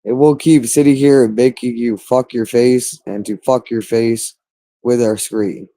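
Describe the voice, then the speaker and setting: A man's voice: mid-range voice, steady tone, a little slow, mellow. A man delivering a rambling monologue, insistent and repetitive, stretching out words for emphasis.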